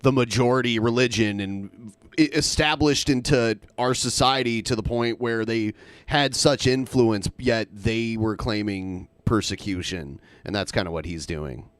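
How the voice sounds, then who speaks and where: A man with a middle-pitched voice hosts a casual panel podcast, chatting and steering the conversation. His recording is dry and close, with no room sound. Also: measured pace, smooth, dry recording. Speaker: podcast host.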